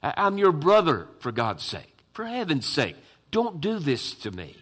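A man's voice: on the high side, huge pitch swings, unhurried, fairly bright tone, heavily acted. A man voicing a young man who pleads with his brothers not to sell him away. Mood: pleading. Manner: pleading, desperate.

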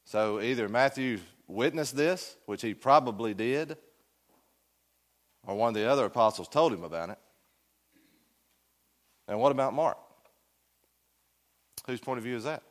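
A man teaches a Sunday school class in a church classroom. His voice sits at a middle pitch. He talks in a folksy, joking way and keeps putting questions to the room. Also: lively intonation, a little slow, long pauses.

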